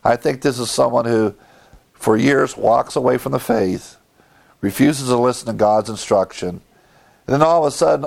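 A man's voice: medium pitch, moderate pace, gravelly, darkish tone. A man preaching a sermon as pastor, acting out biblical characters with short quoted lines.

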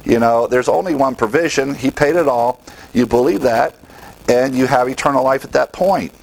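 A man's voice: mid-range voice, moderate pace, gravelly, poor audio. A man teaching from the Bible in a sermon, emphatic, asking his listeners questions and answering them himself.

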